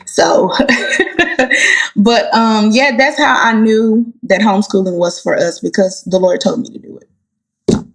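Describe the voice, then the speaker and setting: A woman, a gospel singer, chatting as a guest and telling heartfelt stories with animated delivery. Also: medium pitch, slow, vocal fry, pauses often. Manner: animated, heartfelt storyteller, addresses listeners as y'all. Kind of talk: casual interview chat.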